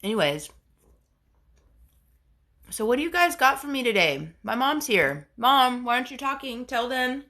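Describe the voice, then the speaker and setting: A woman's voice: a little high, big pitch swings, moderate pace, long pauses, bright, forceful tone. A woman with a head cold, hosting a casual livestream, chatting to viewers in a rambling way. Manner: chatty, rambling storyteller with lots of fillers. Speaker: livestream host. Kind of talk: casual live chat reading comments.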